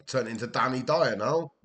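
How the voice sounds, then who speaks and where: A man's voice: mid-range voice, fairly bright tone. Welsh man, gameplay commentator, exasperated, swears, talks to himself. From Wales.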